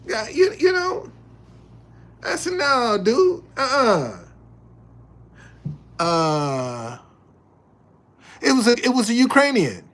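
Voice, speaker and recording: Animated older man telling a story. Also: takes it slowly, pauses often. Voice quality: profane, emphatic storytelling with repetitions. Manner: animated, loud retelling, drops low when reading chat. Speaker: live streamer. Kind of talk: casual live stream talk.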